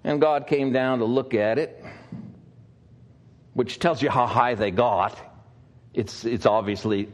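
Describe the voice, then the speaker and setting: A man's voice: mid-range voice, fairly even intonation, takes it slowly, pauses often. A male pastor preaching a sermon, telling stories conversationally with frequent fillers.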